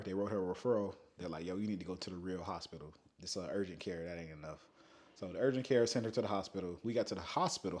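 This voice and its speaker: A man's voice: fairly low pitch, a little mellow. A man, a fitness coach telling a story in a casual vlog, blunt and profane.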